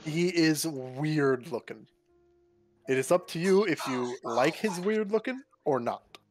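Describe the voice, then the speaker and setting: Slow-talking man role-player. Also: on the high side, expressive, faint music behind. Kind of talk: tabletop role-play.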